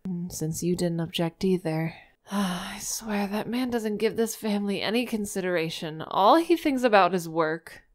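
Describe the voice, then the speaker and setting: A woman's voice: fairly low pitch, expressive, a little slow. A woman voicing a worried, weary mother in a fan game dub, sighing and apologetic.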